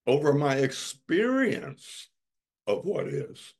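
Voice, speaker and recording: Male pastor, husky, lively pitch swings; slow, emphatic sermon delivery. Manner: slow, emphatic preaching with dramatic repetition.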